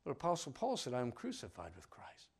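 A man preaching a sermon, swinging between loud cries and hushed lines and acting out the people in his story. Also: medium pitch, wildly swooping pitch, brisk, gravelly, husky. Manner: acts out voices of the people in the story.

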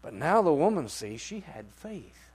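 A man delivers a sermon at an unhurried pace, his voice sitting a little high for a man. He swings from hushed asides to loud outbursts and acts out the people he quotes. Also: very animated, slightly rough. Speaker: preacher.

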